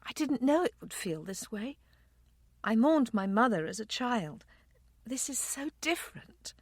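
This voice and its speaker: Woman narrator voicing a tearful young wife, soft pleading tone, audiobook, very dry sound. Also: on the high side, moderate pace, no room sound, pitched above the performer's own voice, natural voice. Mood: grieving. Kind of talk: audiobook character reading.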